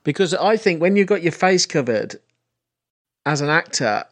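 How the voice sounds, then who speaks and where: A man's voice: fairly high pitch, expressive, normal speed. A man on a film podcast panel, making brief, matter-of-fact remarks in casual chat.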